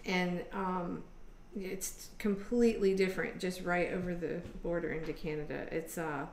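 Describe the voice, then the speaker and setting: A woman's voice: fairly low pitch, steady tone, moderate pace, reverberant. A woman from Michigan hosting a casual chat over a video call, rambling with many fillers. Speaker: host.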